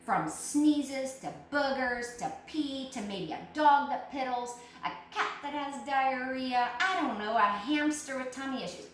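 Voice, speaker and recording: A woman giving an emphatic, animated cleaning product demonstration at a home kitchen sink, talking straight to her audience. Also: on the high side. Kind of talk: live cleaning product demo. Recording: echoey room, distant mic, faint noise.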